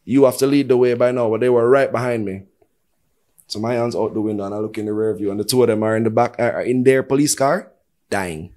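This Jamaican man's voice sits lowish and moves briskly. Appearing as a guest on a podcast, he spins a story in relaxed chat, doing lively impressions of each character's quotes.

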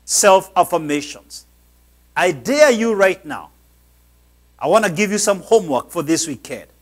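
A male pastor with a notably high-pitched voice delivers a sermon. He speaks emphatically, pressing and exhorting his listeners. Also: big pitch swings, measured pace.

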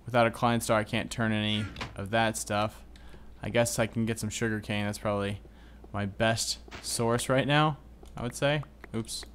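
A man commentating his own game as he plays, excitable and groaning at setbacks. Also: on the low side, normal speed, a little hiss or hum. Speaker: gaming video host. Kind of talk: Minecraft let's play commentary.

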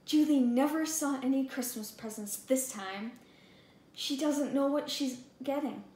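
A woman's voice: sits high, measured pace, mellow. Gleeful scheming storybook dad voiced by the woman reader, echoey room. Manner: gleeful, boastful. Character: jolly, scheming grown-up dad. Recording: echoey room, faint background hum.

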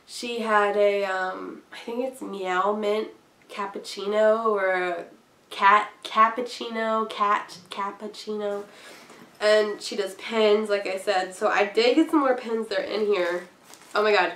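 A woman's voice: medium pitch, fairly even intonation, takes it slowly, fairly bright tone, roomy sound. Bubbly young woman with a cold. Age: young adult. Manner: bubbly, giggly, rambling. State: has a cold, coughing. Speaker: craft vlogger. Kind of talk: casual haul chat.

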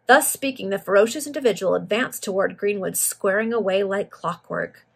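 A woman reading a Victorian novel aloud at a steady pace, now and then stumbling over a word. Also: mid-range voice, fairly quick, creaky, few pauses, husky. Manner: steady, with occasional misreadings. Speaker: reader.

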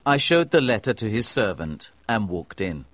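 A man narrating a graded-reader story with clear, measured delivery. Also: lowish voice, sing-song, fairly bright tone, no echo. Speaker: audiobook narrator.

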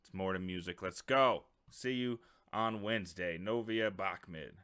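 American male reaction host: bright, smooth voice, casual filler-heavy chat. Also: sits low, a little slow. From United States. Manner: relaxed, conversational, lots of fillers and repeated words.

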